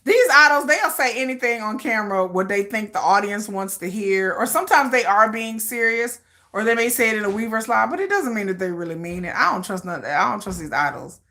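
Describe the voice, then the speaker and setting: Speaking briskly at medium pitch, a female livestream host chats casually with viewers in a theatrical, teasing rant. She stays animated, laughing frequently and responding to comments.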